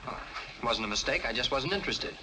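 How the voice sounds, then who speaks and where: A man's voice: medium pitch, animated, fast talker, close to an everyday voice. An actor playing a naive, flustered young man who stammers nervously, in an old film. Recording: noisy old film soundtrack.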